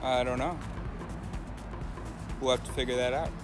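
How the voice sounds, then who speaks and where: A man talking casually to camera as a hitchhiking vlogger, rambling and thinking aloud with many pauses. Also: mid-range voice, fairly even intonation, over music. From United States. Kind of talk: casual vlog talk to camera.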